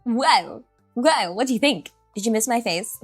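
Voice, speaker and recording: Giggly, scattered woman streamer, bright voice. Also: on the high side, animated, normal speed, slightly rough, no room sound, faint music behind. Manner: giggly, scattered, self-deprecating, many restarts. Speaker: streamer, virtual avatar host. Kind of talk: casual live-stream chat.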